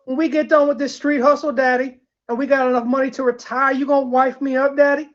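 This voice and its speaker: A woman's voice: high voice, little pitch movement, quick pace, highs cut off, close to an everyday voice. A woman voicing a brash, flirty female pig in a wig in a game role-play, clingy and calling everyone daddy. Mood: pleading.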